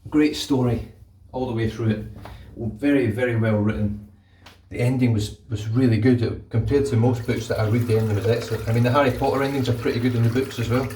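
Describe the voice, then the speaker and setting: A man's voice: medium pitch, steady tone, brisk, hardly any pauses, mellow, slight background noise. Man chatting casually in an echoey bathroom. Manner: chatty, rambling, swears casually. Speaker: vlogger. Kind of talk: casual chat. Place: bathroom with running water. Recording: echoey bathroom, mic at a distance. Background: running tap water.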